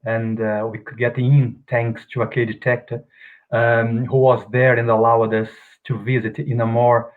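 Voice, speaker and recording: Man speaking over a tinny call line. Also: medium pitch. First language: Portuguese. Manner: hesitant, many ums, non-native grammar. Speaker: guest speaker. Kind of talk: spiritual talk on video call. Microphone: video call. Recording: tinny phone-like call audio.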